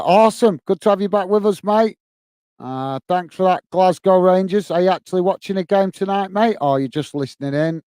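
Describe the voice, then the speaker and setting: A man with a Northern Irish accent hosting a football watch-along stream, giving steady play-by-play and chatting in a friendly way as he reads viewer comments. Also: on the high side, smooth, dry recording. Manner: friendly and chatty, often says "mate" while reading viewer comments. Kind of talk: live play-by-play commentary with chat.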